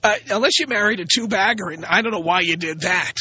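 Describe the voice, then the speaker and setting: A man's voice: sits high, fast, bright, forceful tone, husky, muffled recording. A man hosting a radio talk show, delivering a blunt, sarcastic, opinionated monologue.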